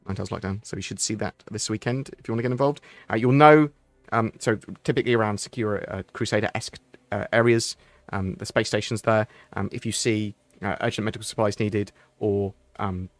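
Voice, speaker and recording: A man's voice: fairly low pitch, dry recording. A man hosting a casual livestream Q&A, answering chat questions in a rambling, chatty way with frequent ums and restarts.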